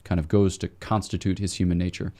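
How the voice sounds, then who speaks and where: A man, a priest guest on a podcast, explaining theology in a measured, scholarly way with occasional fillers. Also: sits low, level tone, dark tone.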